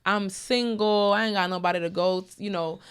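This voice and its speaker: A woman's voice: medium pitch, steady tone, a little fast, a bit bright, smooth. A young adult woman hosting a talk show, telling a personal story in a candid, emotional way. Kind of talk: casual chat.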